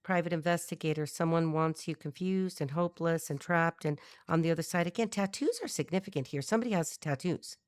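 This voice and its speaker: A middle-aged woman with a low voice gives a tarot reading, talking bluntly and thinking aloud with lots of restarts. She is recorded close and dry, with little room sound. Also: a little fast, few pauses, smooth, dry recording. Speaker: tarot reader. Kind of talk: channeled tarot reading to camera.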